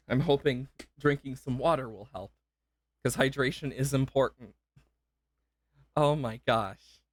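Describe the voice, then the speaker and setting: A man's voice: medium pitch, slow pace, pauses often, a little hiss or hum. A young man livestreaming a game, emotional and gushing, rambling with self-interruptions and repeated thanks. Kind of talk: live gameplay stream chat.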